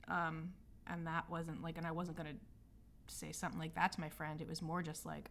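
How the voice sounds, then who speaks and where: A woman with a slightly low-pitched voice tells a personal story in an unscripted, confessional way. She speaks loosely and reflectively, with frequent filler words, and she is openly apologetic about her past. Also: monotone, brisk, gravelly, a bit bright, slight background noise. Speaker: healing arts practitioner hosting a personal podcast. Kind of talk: candid personal storytelling monologue.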